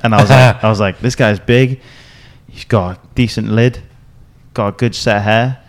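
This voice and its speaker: A man in his thirties hosting a podcast, telling a story in a casual, animated way, acting out quotes, swearing and laughing often. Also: lowish voice, moderate pace. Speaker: podcast host. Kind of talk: casual chat.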